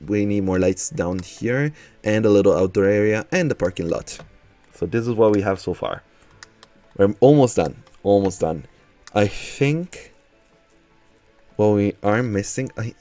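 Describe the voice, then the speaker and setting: Chatty low-voiced man thinking aloud. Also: mellow, dry recording. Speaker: streamer. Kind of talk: casual live-stream chat while building in a game.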